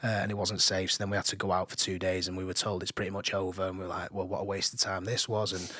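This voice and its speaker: Man, 30s, low voice, dry studio sound, animated storyteller who laughs a lot. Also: fast, dry recording. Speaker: guest. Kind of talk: casual chat. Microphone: studio mic.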